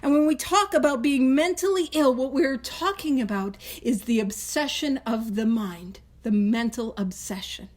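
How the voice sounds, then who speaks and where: A woman's voice: sits high, normal speed, hardly any pauses, darkish tone. A woman hosting a recovery book study, teaching in a chatty, casual way, laughing often and wandering into tangents.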